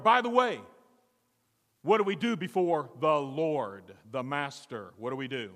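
A man preaching a sermon with dramatic swings from loud to hushed, acting out the voices in the story. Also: fairly high pitch, expressive, measured pace, big-room sound. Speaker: pastor.

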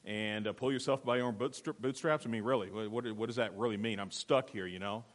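A man's voice: lowish voice, fast talker, voice pushed down, natural voice. A man voicing a desperate man stuck in a hole, who pleads in bewilderment. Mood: dejected. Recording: long hall reverb.

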